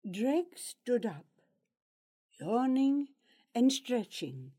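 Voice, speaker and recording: Slow, expressive woman narrator for an audiobook, lively pitch, measured storytelling delivery. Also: husky.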